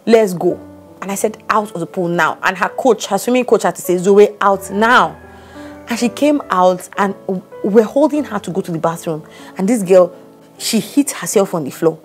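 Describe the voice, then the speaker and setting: A woman, co-hosting a casual chat and telling a story with lively acted-out quotes. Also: mid-range voice, normal speed, soft background music. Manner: animated storytelling, acts out quotes. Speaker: podcast co-host.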